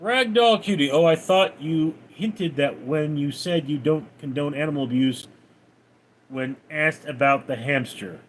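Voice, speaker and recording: Male streamer, slightly high voice, reads chat out and answers casually and slowly. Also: a little hiss or hum. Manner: reads viewer names and comments aloud, then replies offhand. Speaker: livestreamer. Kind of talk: reading out and answering live chat.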